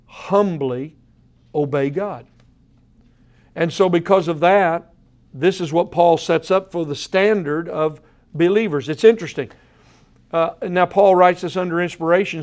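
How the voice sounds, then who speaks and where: A man preaching an evening sermon, earnest and emphatic, slowing down to repeat key words and addressing his listeners directly. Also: a little high, darkish tone. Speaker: pastor.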